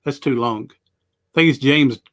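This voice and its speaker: A man's voice: mid-range voice, normal speed, a bit bright. A man, a guest talking in an easygoing, rambling way over a video call. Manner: easygoing, rambling with frequent "uh" and restarts. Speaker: guest, motivational speaker. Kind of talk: casual interview chat.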